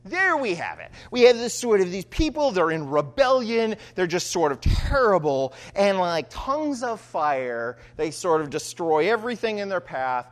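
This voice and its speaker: Animated preacher with lively swinging pitch. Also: male voice, moderate pace, few pauses. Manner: animated, frequent "right?" asides. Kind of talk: sermon with scripture reading.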